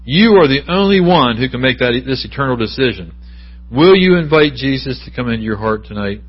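A man's voice: medium pitch, lively intonation, brisk, husky. A middle-aged man preaching a sermon in a church sanctuary, talking conversationally and putting questions to the congregation. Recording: dull lo-fi church recording.

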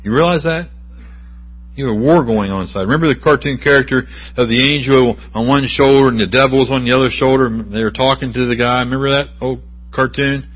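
Middle-aged male preacher, husky, conversational sermon delivery, muffled church recording. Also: mid-range voice, brisk. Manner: conversational preaching with asides and questions to the congregation. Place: church sanctuary.

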